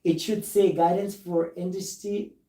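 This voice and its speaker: A man's voice: sits high, flat delivery, a little slow, mellow, reverberant, distant mic, rough recording. A man who is a plastic surgeon, speaking earnestly and emphatically and reading documents aloud during a recorded live discussion.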